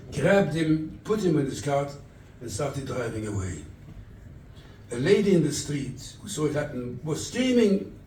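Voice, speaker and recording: Distant rabbi preaching in echoey hall. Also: male voice, medium pitch, darkish tone, slight background noise. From England. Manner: storytelling, quotes scripture and acts out dialogue. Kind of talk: sermon at a charity event. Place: event hall. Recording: echoey room, distant mic.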